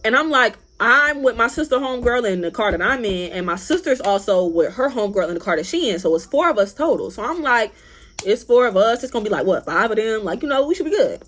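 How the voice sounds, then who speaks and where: Lively, high-voiced young woman storyteller. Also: fast talker. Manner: animated, profane, acts out other people's lines. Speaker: vlogger. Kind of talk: storytime vlog.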